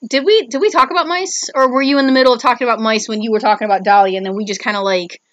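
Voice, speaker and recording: A woman's voice: a little high, very fast, noisy background. A woman from Illinois co-hosting a podcast, chatting casually and telling stories with lots of swearing. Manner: profane, chatty storyteller. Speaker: podcast co-host. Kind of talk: casual chat.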